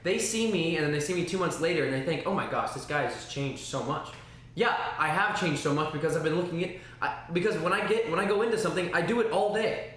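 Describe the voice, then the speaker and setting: Male streamer, slightly high voice, rambling and animated with sound effects, very echoey room. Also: quick pace. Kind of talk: casual livestream talk. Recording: very echoey room, faint noise.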